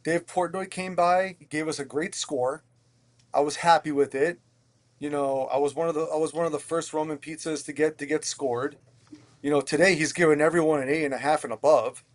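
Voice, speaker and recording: With a fairly high pitch and a brisk delivery, a man from Pennsylvania shares his story as a podcast guest who owns a restaurant. He's animated and candid, swearing openly and often stumbling and repeating himself.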